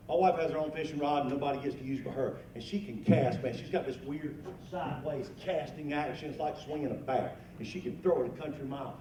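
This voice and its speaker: Speaking fast with lively intonation, an older man entertains a lunch crowd with folksy storytelling stand-up and gets rowdy on the punchlines. His voice is a little high with a darkish tone. The banquet hall sounds roomy, and the distant mic picks up faint noise.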